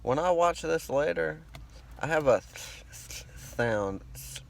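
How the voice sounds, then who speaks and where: A man's voice: on the high side, lively intonation, takes it slowly, creaky. A man with a rural American country accent and a laid-back drawl, talking in a rambling, profane, self-conscious vlog monologue. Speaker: vlogger.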